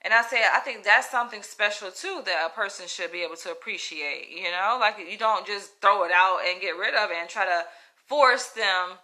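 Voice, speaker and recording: Southern US woman, crisp bright tone, casual chatty storyteller, often checks in with her listener. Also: medium pitch, normal speed. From Southern United States. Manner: chatty, emphatic, often adds "right?" and "you know?".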